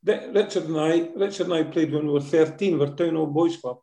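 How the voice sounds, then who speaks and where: A man's voice: fairly high pitch, a little fast, creaky, dark tone, echoey room. An older man with a Scottish accent, a former footballer telling stories in a casual interview, full of fillers and tag questions.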